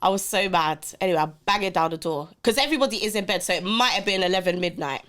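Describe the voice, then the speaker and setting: Animated woman telling a story. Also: on the low side, fast talker. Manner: animated, acts out quotes, swears. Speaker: podcast guest. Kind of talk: casual storytelling.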